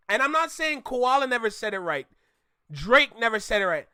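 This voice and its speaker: A woman's voice: high voice, lively intonation, moderate pace. A woman from Toronto with a Caribbean-Canadian accent, teasing and chatting casually as a co-host during a reaction. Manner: playful, teasing, drops to soft asides.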